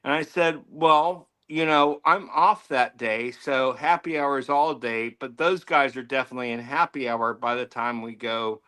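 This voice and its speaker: A man's voice: mid-range voice, measured pace, few pauses, pushed and bright, clean tone. An American man co-hosting a podcast, chatting casually in a rambling, self-mocking way with plenty of swearing. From United States. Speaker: podcast co-host. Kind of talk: casual banter.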